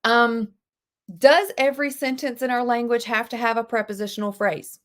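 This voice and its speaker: A woman teaching a live online English class, animated and chatty, with gasps and quick asides to her students. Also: on the high side. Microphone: video call.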